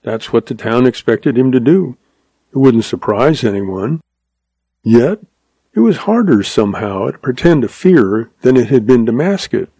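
Slow, gravelly man reading aloud. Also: mid-range voice, lively intonation, mellow, no echo. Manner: measured, unhurried. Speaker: narrator. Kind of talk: audiobook narration of a western.

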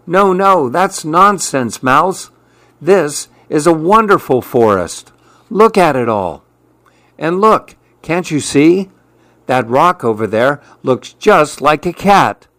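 A man voicing a gentle, curious male mouse who speaks in a lilting, wondering way. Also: a little high, lively intonation, slow, dry recording, pitched above the performer's own voice, heavily acted. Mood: delighted.

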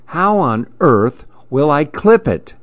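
A man's voice: fairly high pitch, big pitch swings, slow, dry recording, muffled recording, pitched above the performer's own voice. A man voicing a grumpy reclusive boy who wants to be left alone, speaking in a fussy, exclaiming way.

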